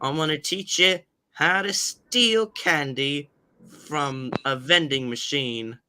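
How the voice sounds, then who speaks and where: A man putting on a high, mock-innocent voice for a mischievous young train engine. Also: slow pace, bright, forceful tone, a little hiss or hum, full character voice.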